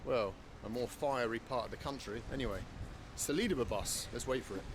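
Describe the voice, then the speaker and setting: A man's voice: mid-range voice, fairly quick. A man narrating a travel vlog with a chatty, wry manner while walking through streets and bus stations. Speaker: travel vlogger. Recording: noisy street recording.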